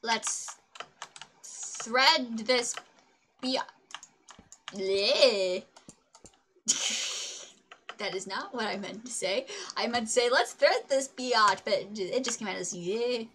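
A woman's voice: fairly high pitch, slow, pauses often, a bit bright, a little hiss or hum. A woman streamer chatting casually while she plays, bubbly and self-mocking, humming sing-song nonsense sounds to herself. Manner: self-mocking, giggly asides. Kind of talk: casual gaming livestream chatter.

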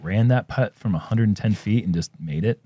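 A man doing casual sports commentary, easygoing and quick to laugh as he banters with his co-host. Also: lowish voice, warm tone, slightly rough, no echo. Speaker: disc golf commentator.

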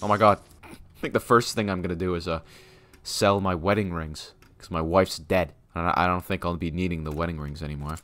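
A young man streaming a game, giving casual running commentary that jumps between muttered asides and loud yelps. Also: low-pitched, brisk. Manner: excitable, swings from mumbling asides to loud yelps and laughter. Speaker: gaming streamer. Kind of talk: casual let's-play commentary.

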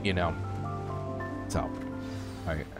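An American man commenting casually while streaming a game, rambling and chatty with plenty of fillers. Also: takes it slowly. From United States. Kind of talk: casual let's-play commentary. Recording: voice over loud game music.

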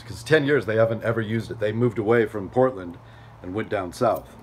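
A man vlogging outdoors at a storage facility, telling a story in a chatty, animated way and acting out other people's lines. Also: on the low side, normal speed, pauses often, soft background music. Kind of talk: casual storytelling vlog.

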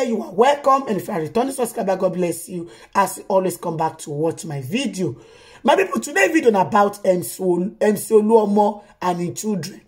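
A woman with a Nigerian Pidgin accent gives casual commentary on her own vlog. Her voice is high, and she talks in an exclamatory way, rounding off her lines with emphatic tags. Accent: Nigerian Pidgin English. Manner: exclamatory, ends phrases with "o". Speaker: vlog host reacting to news.

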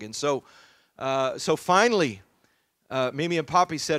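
A male pastor telling a family story during a sermon, in a relaxed, conversational way with frequent fillers. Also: mid-range voice, measured pace, long pauses, no echo, clean studio sound.

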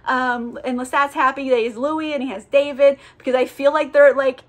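A woman's voice: high voice, fairly even intonation, normal speed. A young woman recapping a novel in a chatty, profane, casual way, full of filler words. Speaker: book reviewer.

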